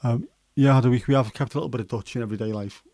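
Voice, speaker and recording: A man in his fifties with a Scouse accent and a hoarse throat, hosting a casual chat livestream in a rambling, jokey way with many fillers. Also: mid-range voice, rapid-fire, warm tone, dry recording. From Liverpool, England. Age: 50s. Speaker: livestream host.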